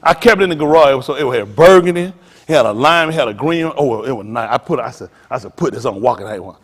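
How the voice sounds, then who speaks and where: A middle-aged man pastor, teasing and preaching to his congregation in a joking, animated way. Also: on the high side, quick pace. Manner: animated, teasing, talks straight to the crowd. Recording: long hall reverb.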